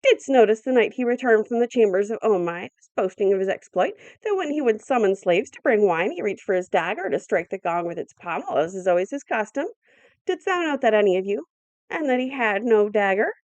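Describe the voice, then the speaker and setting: A woman reading an audiobook, voicing an ancient old man with a thin, cracked, shrill voice. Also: sing-song, a little fast, a little mellow, no room sound, natural voice. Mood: accusing.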